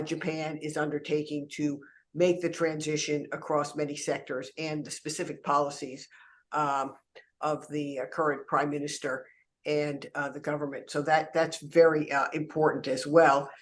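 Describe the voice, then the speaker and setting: A woman's voice: deep voice, a bit bright. A woman moderating a webinar panel who introduces speakers hesitantly, with many fillers between phrases.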